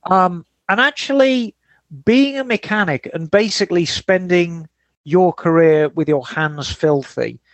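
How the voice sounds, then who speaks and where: A man hosting a casual podcast chat, relaxed and rambling, who answers listener emails. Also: high voice, a little slow, no echo. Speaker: podcast host.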